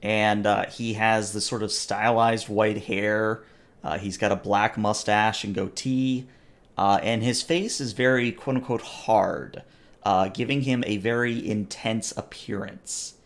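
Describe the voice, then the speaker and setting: A man narrating a tabletop game as game master, often pausing on "uh". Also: fairly low pitch, steady tone. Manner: hesitant, lots of filler "uh".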